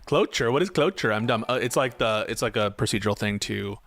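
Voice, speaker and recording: A man's voice: medium pitch, a little fast, a bit bright. A man doing casual live-stream commentary on politics, reading chat and ranting in a profane, exasperated way.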